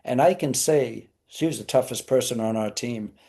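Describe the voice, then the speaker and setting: A man's voice: medium pitch, normal speed, creaky, warm tone, breathy edge. A man, a podcast guest, telling anecdotes in an easygoing, storytelling way. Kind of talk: podcast interview.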